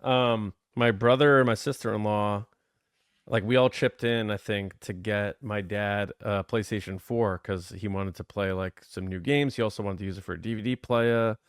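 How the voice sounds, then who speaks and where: An American man co-hosting a podcast, telling stories in a relaxed, casual way. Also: fairly low pitch, normal speed, clear, resonant tone, dry recording, studio quality. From New York. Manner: relaxed storyteller, laughs between lines. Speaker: podcast co-host. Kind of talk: casual chat.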